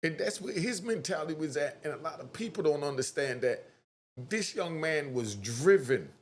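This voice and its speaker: A man hosting a casual online commentary, talking straight to his viewers in an animated way and acting out quotes. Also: a little high, normal speed.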